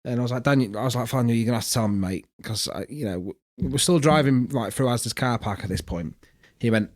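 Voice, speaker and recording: With an animated, medium-pitched voice at normal speed, a male podcast co-host swaps casual banter and family stories, swearing and laughing plenty along the way.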